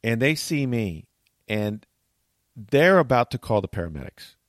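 A man hosting a talk show, telling a long story in animated, chatty fashion and acting out what people said. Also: medium pitch, measured pace, dry recording, studio quality. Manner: tells long stories, acts out quotes.

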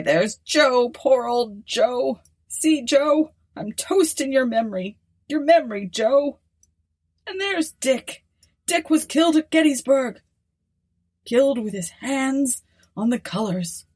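A woman's voice: high voice, animated, slow, darkish tone, breathy edge, voice pushed up, heavily acted. A woman doing a quavering old man's toast. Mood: tearful, merry. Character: quavering old man toasting dead comrades.

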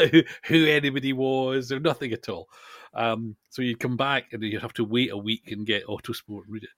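A middle-aged man co-hosting a casual podcast chat, telling stories with animated enthusiasm and frequent laughter. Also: medium pitch, normal speed, no room sound. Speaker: podcast co-host.

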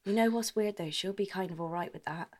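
A woman's voice: mid-range voice, fast talker, darkish tone. A woman, co-hosting a podcast in casual chat, telling stories animatedly with frequent giggles. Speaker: podcast co-host.

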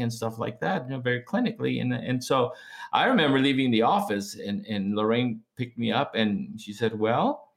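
A middle-aged man telling the story of his own healing as a guest, animated and jumping in pitch when he acts out what others said. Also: gravelly. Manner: animated, acts out quoted speech with big pitch jumps. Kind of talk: testimony storytelling.

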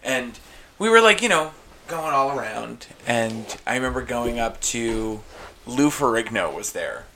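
Bright-voiced wry young man. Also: mid-range voice, sing-song, measured pace, a little hiss or hum. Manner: wry, laughing storyteller who drifts into side comments. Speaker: podcast co-host. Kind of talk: casual chat.

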